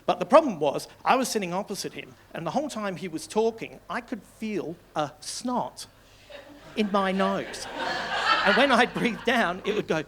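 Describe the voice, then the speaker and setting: High-voiced Australian stand-up comedian. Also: male voice, expressive, normal speed, noisy background. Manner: conversational storytelling, tag questions, swearing. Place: comedy club stage.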